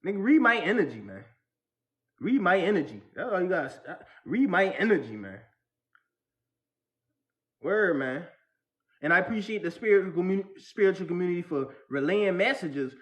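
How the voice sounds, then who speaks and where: High-voiced man in a slangy spiritual rant. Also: big pitch swings, normal speed, long pauses, fairly bright tone. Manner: slangy, repetitive, restarts often, laughs at own jokes. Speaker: vlogger. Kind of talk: casual spiritual rant to camera.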